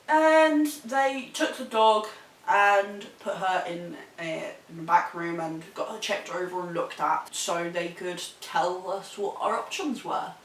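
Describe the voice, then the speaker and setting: A young woman with a New Zealand accent telling a story in a sweary, animated way, laughing as she goes. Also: fairly low pitch, a little hiss or hum. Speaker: vlogger. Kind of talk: casual storytelling. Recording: echoey room, mic at a distance.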